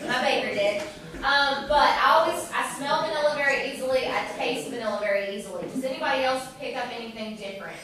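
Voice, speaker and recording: A woman's voice: high voice, fast. A woman tour guide leading a guided tasting, upbeat and instructive, quizzing her group as she explains. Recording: echoey room, distant mic, group chatter.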